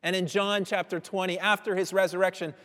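High-voiced man preaching in a reverberant hall. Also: level tone, a bit bright. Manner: measured teaching with slow emphatic phrases. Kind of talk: sermon.

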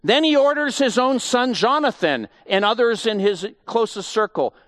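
A man's voice: very high-pitched, animated, normal speed, a bit bright, no room sound, studio quality. A man giving a conversational Bible teaching, emphatic and full of rhetorical questions.

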